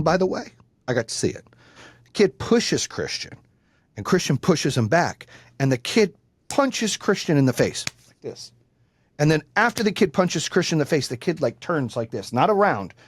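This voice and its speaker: An animated man in his forties hosts a podcast, telling blunt, profane stories. His voice sits slightly high and leaps around in pitch. It is a casual studio chat. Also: brisk, no echo. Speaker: podcast host.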